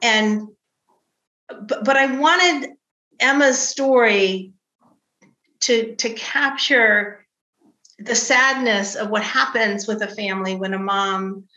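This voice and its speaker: Bright-voiced woman novelist, echoey room. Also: fairly high pitch, slow pace, long pauses. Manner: animated storytelling, acts out quoted family voices. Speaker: novelist discussing her book. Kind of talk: casual book discussion. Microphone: video call.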